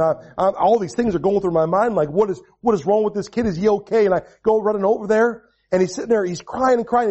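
A man in his forties preaching a sermon, repeating and restarting phrases, moving from quiet storytelling to raised proclamation. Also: high-pitched, husky, muffled recording. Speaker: pastor.

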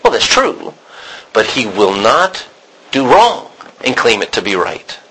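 A man teaching a Bible study class, animated and questioning his students. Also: fairly low pitch, unhurried, slightly rough, low-quality recording.

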